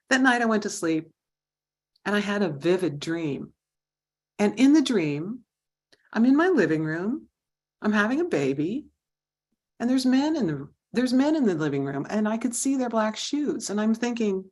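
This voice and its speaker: A woman's voice: mid-range voice, moderate pace. A woman in her thirties giving a storytelling speech at a club meeting, acting out the voices of people in her story. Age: 30s. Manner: animated, acts out quoted voices. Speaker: Toastmasters speaker.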